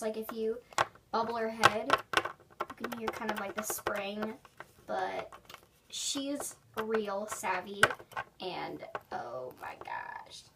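A young woman hosting a casual unboxing vlog, gushing and giggly, rambling with many "like"s. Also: fairly high pitch. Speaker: toy unboxing vlogger. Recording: distant camera mic, faint noise.

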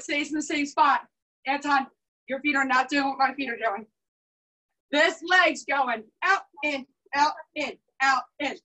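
Bright, high-voiced woman coaching karate. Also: distant mic, rough recording. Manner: brisk, commanding, counts and cues drills. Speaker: karate instructor. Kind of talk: coaching a class over video call. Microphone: video call.

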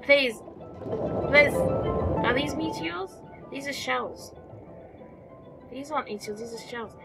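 A woman's voice: high voice, slow. Chatty woman narrating gameplay. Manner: chatty, talks to the game creatures, exclaims and mutters. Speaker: gameplay commentator. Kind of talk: casual let's-play commentary. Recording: music playing behind the voice.

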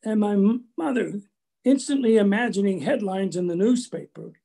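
An older man from Canada giving a prepared lecture, telling family stories in a measured way with small restarts. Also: high-pitched, creaky, warm tone. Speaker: guest lecturer.

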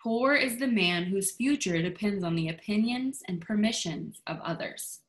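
A woman's voice: medium pitch, moderate pace. A woman giving a motivational talk to her team over a video call, in a chatty, gushing way. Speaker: team leader.

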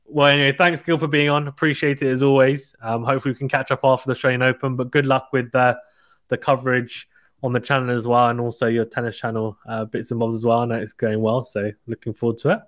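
Man, podcast host, chatty, animated, laughs a lot, mid-pitched voice. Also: fast talker. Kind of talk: casual chat with a guest.

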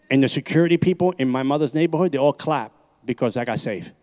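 This New York City evangelist preaches his personal testimony into a handheld microphone at a church service. His medium-pitched voice is a little fast and a little mellow, with lively intonation. He's intense and emphatic, repeating his phrases.

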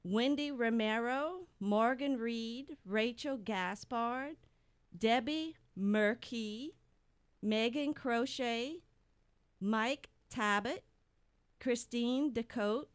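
A woman's voice: on the high side, drawn-out words, clear, resonant tone. A middle-aged woman, hosting a casual radio birthday segment and laughing at her own slips. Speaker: radio host reading birthdays.

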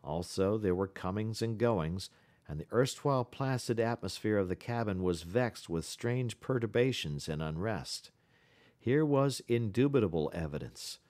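Male audiobook reader, measured storytelling, lowish voice. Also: animated, darkish tone. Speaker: audiobook narrator. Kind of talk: scripted audiobook narration.

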